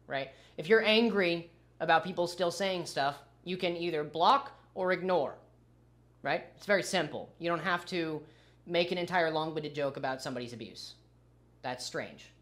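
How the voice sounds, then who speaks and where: A man's voice: a little high, normal speed, fairly bright tone. A man livestreaming his reaction to a video, arguing his point and answering his chat. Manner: argumentative, talks back to chat. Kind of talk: casual livestream commentary.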